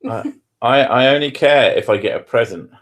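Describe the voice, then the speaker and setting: A man's voice: mid-range voice, animated, normal speed, fairly bright tone. A man hosting a casual chat, blunt and teasing, with casual swearing. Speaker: host.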